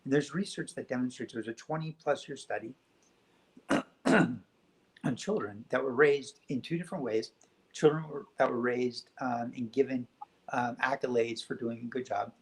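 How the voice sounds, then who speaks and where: Soft-spoken, gentle man, reflective. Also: mid-range voice, low-quality recording. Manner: soft, gentle and unhurried, thoughtful. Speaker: podcast guest. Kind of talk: reflective spiritual conversation.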